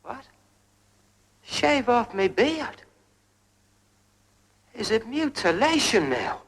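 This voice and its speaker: An actor playing a stubborn, blustering Irish playwright on the run in a 1960s television drama, with an Irish accent and a stage-Irish manner. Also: male voice, extremely high pitch, very animated, very slow, vocal fry, a bit bright, heavily acted. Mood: indignant. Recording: noisy old TV soundtrack.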